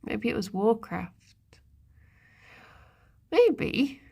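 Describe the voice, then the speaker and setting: A woman streamer musing aloud in casual live-stream chat, talking to her viewers and her pets. She speaks at an unhurried, drawn-out pace with a gravelly fry in her voice. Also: fairly high pitch, very animated, dark tone. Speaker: livestreamer.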